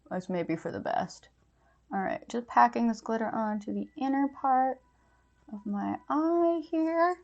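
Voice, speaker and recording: Casting: young woman, chatty and giggly, streaming her makeup routine in casual chat. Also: medium pitch. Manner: chatty, giggly, lots of fillers.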